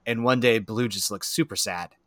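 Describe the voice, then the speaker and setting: A man chatting casually as a podcast guest, telling long, halting stories full of restarts. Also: lowish voice, fairly bright tone, dry recording, clean studio sound. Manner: rambling, halting storytelling with many restarts. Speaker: podcast guest, bird owner. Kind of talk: casual chat.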